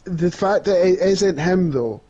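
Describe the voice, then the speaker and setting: A Scottish man co-hosting a podcast in casual chat, excited and repeating himself when he gets worked up. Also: high-pitched, unhurried, lo-fi sound. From Scotland. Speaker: podcast co-host.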